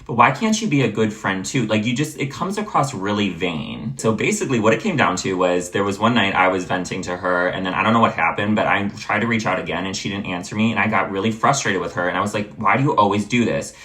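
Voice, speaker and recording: A man's voice: lowish voice, lively intonation, fast, hardly any pauses, a bit bright. A young man telling a storytime vlog rant, exasperated and blunt, swearing freely as he vents. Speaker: vlogger.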